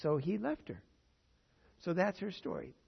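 A man's voice: high-pitched, very animated, a little slow, gravelly, breathy edge. A man preaching a sermon in a conversational teaching manner, with fillers, who speaks prayers in the first person. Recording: dull lo-fi sound.

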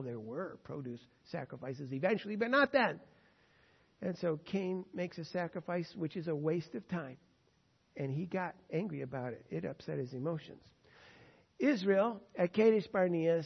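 A man's voice: sits high, normal speed, creaky, slightly rough. A man preaching a sermon who tells stories and acts out the quotes, recorded with dull, echoing sound in a church hall. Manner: storytelling, animated, acts out quotes.

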